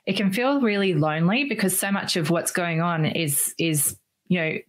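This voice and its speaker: A woman's voice: lowish voice, moderate pace. A woman hosting a podcast in casual interview chat, affirming and chiming in with agreement. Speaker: podcast host.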